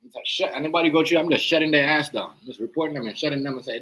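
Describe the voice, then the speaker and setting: A man's voice: fairly high pitch, lively intonation, fast, a bit bright, poor audio. A man hosting a live stream, rambling in casual slang and often asking "you know what I mean".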